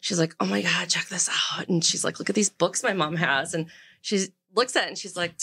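A woman's voice: on the low side, brisk, creaky, fairly bright tone, slightly rough. A woman in her forties telling candid stories in casual chat, acting out the dialogue as she goes. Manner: candid storyteller, acts out quoted dialogue. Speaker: podcast guest.

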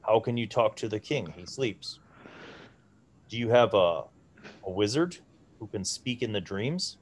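A man voicing a huge male cloud giant who speaks slow, broken common. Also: fairly low pitch, animated. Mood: curious. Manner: slow halting broken speech.

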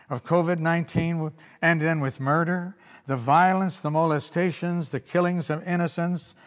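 A man preaching a sermon as pastor, leaning hard on key words and slowing down to read scripture. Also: a little high. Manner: emphatic preaching with slowed, stressed scripture readings. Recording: long hall reverb.

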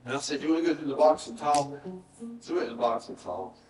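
A middle-aged man, preaching a sermon and telling a personal story in an earnest voice that often drops to a hushed, emotional tone. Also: a little high, lively intonation, fast, faint music behind. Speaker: pastor. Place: church sanctuary. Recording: roomy church sound from a distant mic.

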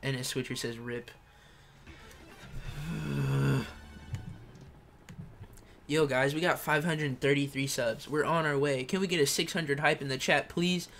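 A young man livestreaming a kart racing game, reading chat and shouting during play. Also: fairly high pitch, steady tone, moderate pace, hardly any pauses, faint music behind. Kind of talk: live gameplay streaming.

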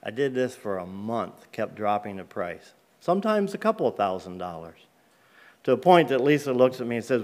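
A man with a mid-range, darkish voice shares his faith journey as a guest speaker in a church sanctuary, very animated and at a normal speed. His testimony during the service is plain and conversational, with loose grammar.

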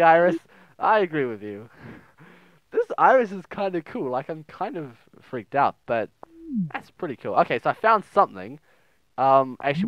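A man's voice: a little high, no echo. Crude, joking young man playing a game. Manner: joking, crude, reads texts aloud in silly voices. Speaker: gaming video host. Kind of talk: casual let's play commentary.

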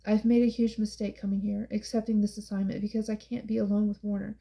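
Dark-toned, gravelly woman narrator. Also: mid-range voice, level tone, fast talker, rough recording. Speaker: audiobook narrator. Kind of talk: first-person audiobook narration.

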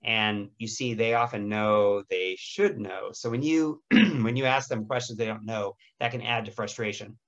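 A middle-aged man with a raspy voice giving a lecture on caring for people with dementia, gentle and often clearing his throat. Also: lowish voice, normal speed, hardly any pauses, dull audio. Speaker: dementia care educator. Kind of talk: lecture presentation with slides.

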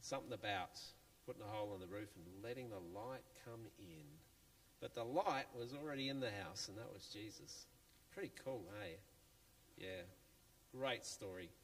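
A man tells a children's Bible story in church in a playful, chatty, animated way. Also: on the low side, normal speed. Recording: long church reverb, faint music.

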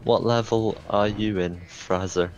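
A man with a lowish voice casually commentating a game race. He checks on players and teases them with dry remarks. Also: fairly even intonation, unhurried, muffled recording, soft background music. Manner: teasing, dry asides.

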